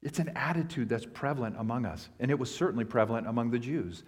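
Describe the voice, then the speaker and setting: Male pastor, mid-pitched, earnest teaching sermon with emphatic swells. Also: animated, fast, breathy edge.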